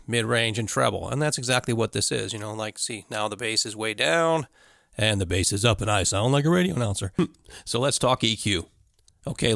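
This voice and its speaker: A man at mid pitch gives a laid-back walkthrough of a mixing desk, full of fillers and little chuckles. He is recorded close on a condenser mic with a very dry, deadened sound. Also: no echo. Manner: loose, conversational, full of fillers and little laughs. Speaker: audio engineering instructor. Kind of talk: casual hands-on tutorial. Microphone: studio condenser mic through a mixer.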